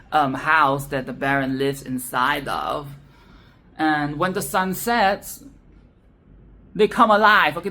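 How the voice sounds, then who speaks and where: A woman's voice: fairly low pitch, a bit bright. A woman hosting a film commentary video, ranting in a profane, exasperated and sarcastic way. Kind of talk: casual solo film rant.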